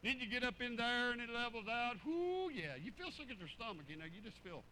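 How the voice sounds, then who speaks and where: A middle-aged man preaching informally, telling animated personal stories, acting out dialogue and repeating words as he goes. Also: very high-pitched, fairly quick, slight background noise, rough recording.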